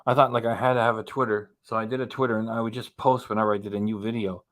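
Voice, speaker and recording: A man's voice: fairly low pitch, little pitch movement, very fast, fairly bright tone. A man casually commenting as host of a reaction channel, chatty and rambling, laughing often as he talks.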